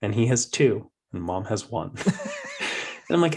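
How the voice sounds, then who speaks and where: A man's voice: medium pitch, fast talker. A man in his thirties hosting a casual podcast, telling parenting stories and acting out his toddler's voice. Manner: animated storyteller, acts out his toddler's voice. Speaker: podcast host.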